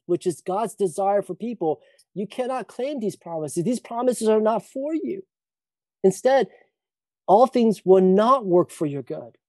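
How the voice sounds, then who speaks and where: A man's voice: high voice, dark tone, no echo. A man preaching a sermon, talking earnestly with many restarts and asides. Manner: earnest preaching with frequent restarts and "you know". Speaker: pastor. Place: church retreat service.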